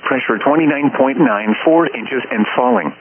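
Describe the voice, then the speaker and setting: A man's voice reading an automated weather report in short, clipped, even phrases. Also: mid-range voice, moderate pace. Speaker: weather broadcast voice. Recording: tinny radio broadcast with faint hiss.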